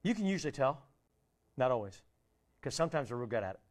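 A man pastor delivering a sermon, pleading and rhetorical, swinging between loud appeals and hushed quiet asides. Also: mid-range voice, sing-song, quick pace.

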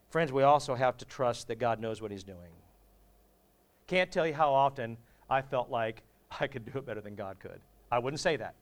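A man's voice: mid-range voice, a bit bright. A male pastor preaching a sermon in a humorous, conversational way, often asking the congregation questions.

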